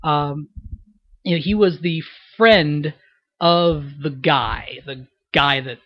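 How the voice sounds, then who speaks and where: A man's voice: on the high side, slow, dry recording, muffled recording. A man in his twenties, a director giving a casual commentary, rambling and upbeat with lots of fillers and restarts. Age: 20s.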